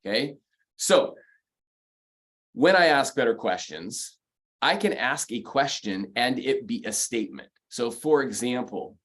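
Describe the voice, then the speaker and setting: A man's voice: mid-range voice, expressive, measured pace, fairly bright tone. A man coaching mortgage professionals in a motivational sales training talk, speaking emphatically, repeating key phrases and counting off numbered points.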